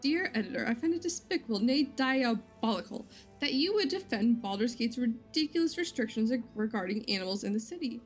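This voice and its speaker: A woman reading a game letter aloud as a pompous, indignant gentleman, using a put-on accent. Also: fairly high pitch, lively intonation, fairly quick, soft background music, lightly acted.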